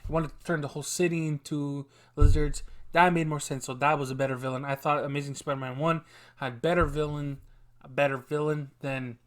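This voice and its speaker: Guy vlogging, kinda high voice, chatty, gets loud and annoyed now and then. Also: little pitch movement, fairly quick. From Canada. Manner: chatty and opinionated, with bursts of loud frustration. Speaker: vlogger ranking movie villains. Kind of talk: casual opinion vlog.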